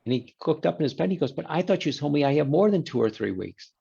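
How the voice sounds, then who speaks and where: A man's voice: a little high, quick pace, creaky, breathy edge, lo-fi sound. A man, a guest in a conversation, telling a story and acting out the quoted exchanges. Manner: animated storyteller who voices quoted exchanges.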